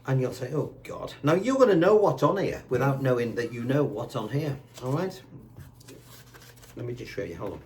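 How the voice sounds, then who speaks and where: A man teaching guitar with a chatty, patient manner, counting the beats out loud slowly while he plays. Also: mid-range voice, slight background noise. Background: guitar playing.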